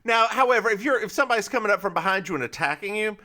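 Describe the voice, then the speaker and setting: A man co-hosting a podcast, chatting casually and laughing as he recaps a TV episode. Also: high-pitched. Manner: animated, laughing, quick asides. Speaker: podcast co-host.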